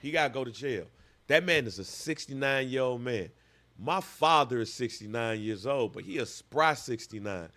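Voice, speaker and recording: Animated, bright-voiced man telling a story. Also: mid-range voice, normal speed. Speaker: podcast co-host. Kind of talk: casual comedic chat.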